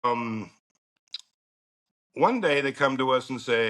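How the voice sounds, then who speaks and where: A man's voice: mid-range voice, expressive, slow, long pauses, a bit bright. A middle-aged man telling a story as a podcast guest, blunt and profane, laughing now and then. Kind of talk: casual storytelling.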